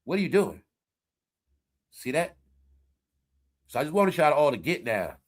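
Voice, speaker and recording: A man hosting a live commentary stream, talking straight to his viewers in an animated, preachy way. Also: on the high side, measured pace. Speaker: commentary livestream host.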